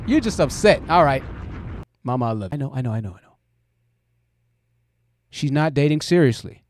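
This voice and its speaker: A man's voice: medium pitch, big pitch swings, normal speed, darkish tone, slight background noise. A man hosting a livestream, giving blunt commentary and talking straight to his chat. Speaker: host.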